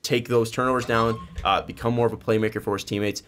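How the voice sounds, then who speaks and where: A man's voice: mid-range voice, steady tone, quick pace, a bit bright. A young man co-hosting a sports podcast, talking casually with many fillers and restarts. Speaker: podcast co-host.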